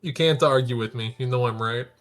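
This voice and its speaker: A man's voice: mid-range voice, a little fast. A man playing in a tabletop game, talking in a goofy way and swearing casually. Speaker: player. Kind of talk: joking tabletop chat.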